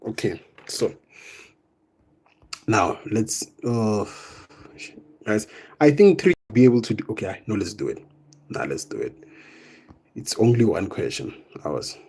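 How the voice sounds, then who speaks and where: A young man teaching math in a live online exam revision lesson, casual and step by step, often tagging on "right?" and "boom". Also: mellow, husky. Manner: explains step by step, coaxing students.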